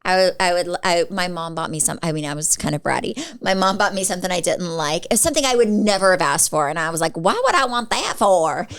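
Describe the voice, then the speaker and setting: A woman's voice: fairly low pitch, fast, hardly any pauses, a bit bright, smooth. A woman in her forties co-hosting a podcast, telling stories in a casual, rambling way and leaning on "like" a lot. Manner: chatty storyteller, filler-heavy with frequent "like". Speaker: podcast co-host. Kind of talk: casual chat.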